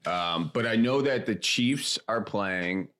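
Very deep, lively man asking questions. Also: takes it slowly. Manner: curious, asks lots of questions, teasing. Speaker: podcast co-host. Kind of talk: casual chat.

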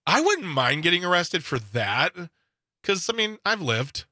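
A man in his forties co-hosting talk radio with a bright, forward voice. He jokes around and pokes fun at himself in loose banter. The studio sound is dry and close. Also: a little high, big pitch swings, measured pace, no echo. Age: 40s. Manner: jokey, self-deprecating. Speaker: radio co-host.

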